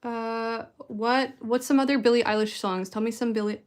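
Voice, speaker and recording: A woman's voice: on the high side, steady tone, normal speed. A woman streaming live, chatting casually and rambling in a self-deprecating way to her viewers. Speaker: streamer answering chat.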